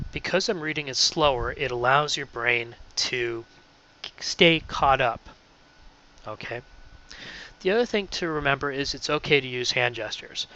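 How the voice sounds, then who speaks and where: Bright-voiced man coaching volunteers. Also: mid-range voice, moderate pace. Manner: encouraging, checks in with frequent "okay?". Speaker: volunteer trainer. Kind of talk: instructional presentation. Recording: dull lo-fi recording.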